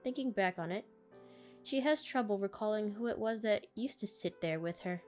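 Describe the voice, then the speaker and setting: A woman's voice: mid-range voice, moderate pace, a little mellow, faint music behind. A woman playing through a story game, chatting casually and reading its text aloud with frequent giggles. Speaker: gaming YouTuber. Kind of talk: game playthrough with read-aloud narration.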